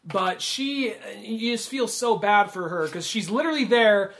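A man's voice: high voice, expressive, measured pace, fairly bright tone. A man co-hosting a podcast, casually retelling movie scenes and acting out the characters' lines. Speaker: podcast co-host. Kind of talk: casual film discussion.

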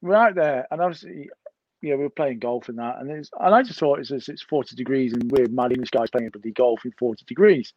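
A middle-aged man, a podcast guest, telling a lively story full of swearing and acted-out dialogue. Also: medium pitch, fairly quick, no room sound, muffled recording. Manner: lively anecdotal storyteller who swears freely and acts out dialogue. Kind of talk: casual storytelling.

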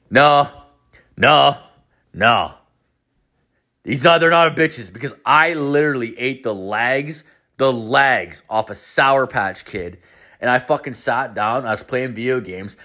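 Bright-voiced young man telling a profane story. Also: medium pitch, normal speed. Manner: profane, rambling, animated storytelling. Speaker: podcast host. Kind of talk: casual storytelling monologue.

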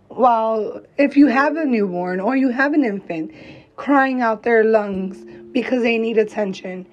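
A woman with a fairly high voice talks very slowly and deliberately, delivering a blunt, swear-laced pep talk to other moms. The recording sounds a little dull and lo-fi, and faint music plays softly underneath her. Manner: blunt, profane, encouraging, slow emphatic phrasing. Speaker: mom vlogger. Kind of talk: heartfelt monologue to camera.

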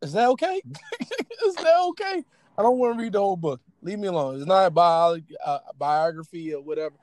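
A man co-hosts a casual podcast. He talks with animation, laughing and teasing as he goes. His voice sits fairly high and sounds dry and close. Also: quick pace, no echo. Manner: animated, laughing, mocking impressions. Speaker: podcast co-host. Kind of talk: casual chat.

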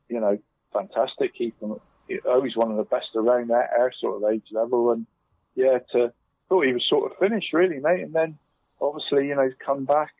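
A man's voice: medium pitch, no echo. A man, chatting casually as a podcast co-host, rambling and dropping "mate" into nearly every phrase. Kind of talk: casual chat. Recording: tinny dry phone line.

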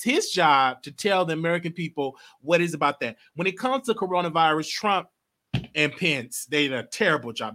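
A man's voice: fairly high pitch, sharp tone. A man hosting a live stream, giving casual, emphatic political commentary and swearing now and then.

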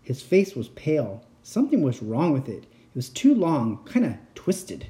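Expressive man reading a children's story. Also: on the high side, unhurried. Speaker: narrator reading a children's book.

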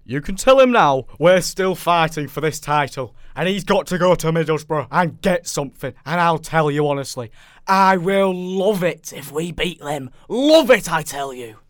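A man's voice: fairly high pitch, expressive, normal speed, hardly any pauses, no room sound, studio quality, voice pushed up, lightly acted. A man doing an impression of a famous football manager's passionate televised rant, in a Geordie accent. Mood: impassioned rant.

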